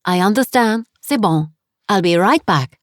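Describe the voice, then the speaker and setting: A woman voicing a kindly, cheerful French guest house landlady with a French accent, fussing warmly over her guest. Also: medium pitch, lively intonation, measured pace, no room sound, clean studio sound, natural voice. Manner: warm, fussing, motherly.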